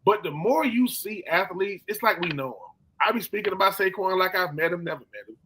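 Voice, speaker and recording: A man hosting a casual sports chat, telling animated stories and acting out quotes in slangy talk. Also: sits high, fairly quick, slight background noise. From Philadelphia. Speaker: podcast host.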